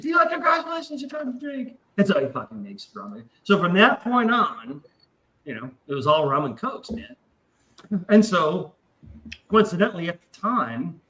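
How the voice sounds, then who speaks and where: A man's voice: on the high side, pushed and bright, low-quality recording. A man in his forties hosting a casual show, rambling and swearing through a story. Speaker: podcast host. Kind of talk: casual chat.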